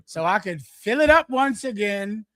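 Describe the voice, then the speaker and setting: A man preaching through scripture verse by verse, repeating his points forcefully and acting out an addict's pleading. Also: sits high, expressive, measured pace. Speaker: teacher leading a scripture breakdown.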